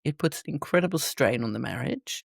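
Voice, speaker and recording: A podcast host asking measured, empathetic questions. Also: mid-range voice, expressive, creaky, no room sound, clean studio sound. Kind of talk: interview questions.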